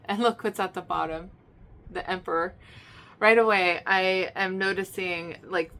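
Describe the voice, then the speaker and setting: A woman's voice: fairly low pitch, gravelly. Chatty woman doing a tarot reading. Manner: chatty, repeats herself, many fillers and restarts; emphatic, swings to loud excited bursts. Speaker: tarot reader. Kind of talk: casual spoken tarot reading.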